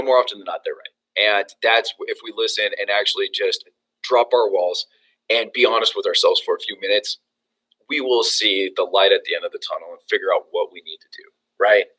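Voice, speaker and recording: A young man giving an energetic motivational training talk to real estate agents, with many fillers and restarts. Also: fairly low pitch, poor audio.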